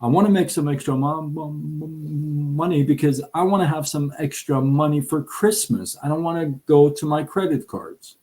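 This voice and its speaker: A man's voice: fairly high pitch, moderate pace, few pauses, dark tone. A middle-aged man hosting a live show, giving blunt, emphatic advice to viewers and acting out what people say, stumbling over words now and then. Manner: blunt and emphatic, acts out quotes, stammers on words. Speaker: host of a live side-income show. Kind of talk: direct motivational talk to viewers.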